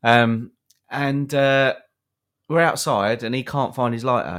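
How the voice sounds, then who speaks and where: A man's voice: mid-range voice, slow, a bit bright, smooth. A young man, a podcast co-host, telling a long anecdote with lots of fillers and acted-out quotes. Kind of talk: storytelling to a co-host.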